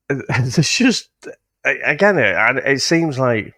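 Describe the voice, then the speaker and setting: A man's voice: mid-range voice, big pitch swings, slow pace, a bit bright, no echo, studio quality. A man co-hosting a casual film review podcast, blunt and laid-back in his opinions. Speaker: podcast co-host.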